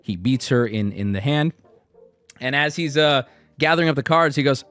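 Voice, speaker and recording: A man's voice: medium pitch, moderate pace, no room sound, faint music behind. A man in his thirties casually telling a swear-filled story, acting out what people said. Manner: animated, swears often, acts out quotes.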